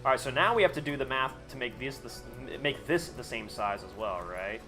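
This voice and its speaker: A man's voice: mid-range voice, animated, fairly quick, music in the background. A man talking casually to his chat on a live gaming stream, rambling, sarcastic and freely profane.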